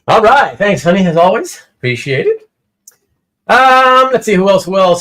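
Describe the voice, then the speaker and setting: A man's voice: high-pitched, takes it slowly, long pauses. A man hosting a casual live stream from home, chatting with viewers and telling a story that he acts out. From Canada. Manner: animated storytelling, acts out quotes. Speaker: host.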